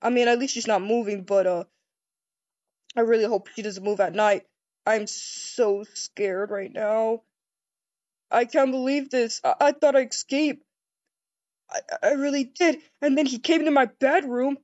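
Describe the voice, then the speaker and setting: A woman doing a first-person role-play over a game, excitable and easily startled, rambling with stammered restarts. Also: fairly high pitch, measured pace, no room sound, highs cut off.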